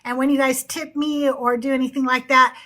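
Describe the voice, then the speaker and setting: A woman's voice: high voice, little pitch movement, brisk, bright, forceful tone. A woman hosting a casual livestream chat, chatty and upbeat, often laughing as she talks to her viewers. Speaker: livestream host.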